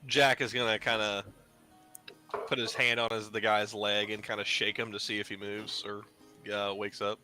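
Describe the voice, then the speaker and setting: A man's voice: fairly low pitch, level tone, moderate pace, bright, forceful tone, faint music behind. A man playing a tabletop game, describing his character's actions in an easygoing way. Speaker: player. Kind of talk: casual tabletop game chat.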